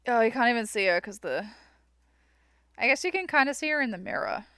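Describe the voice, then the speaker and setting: A woman's voice: fairly high pitch, expressive, brisk, fairly bright tone, clean tone, no echo. A woman streaming a game and chatting casually with her viewers, sometimes cooing in baby talk at her cat. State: worn out. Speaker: live streamer. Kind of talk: casual live-stream chat while gaming.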